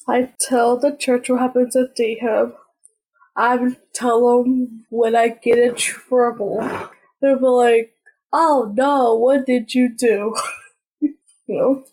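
High, slow, breathy-voiced woman. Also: darkish tone, rough recording. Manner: earnest, plain short sentences. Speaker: podcast host. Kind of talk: casual personal storytelling.

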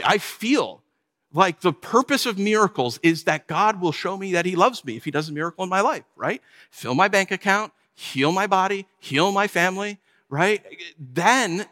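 A man preaching a sermon, animated and acting out whiny voices to make his points. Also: on the high side, long reverb tail. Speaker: pastor.

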